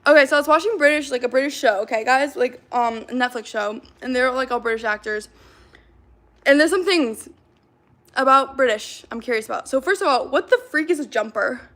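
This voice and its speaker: A young woman livestreaming, chatting fast and reading out comments from her chat. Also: high-pitched, a bit bright. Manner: chatty, hyper, reacts to comments, fillers of like.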